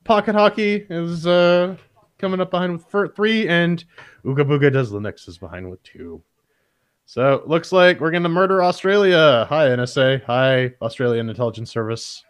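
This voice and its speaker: A man's voice: on the high side, lively intonation, moderate pace, clear, resonant tone. Rambling Canadian man hosting. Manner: rambling, stutters and repeats words. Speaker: podcast host. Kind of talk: casual chat.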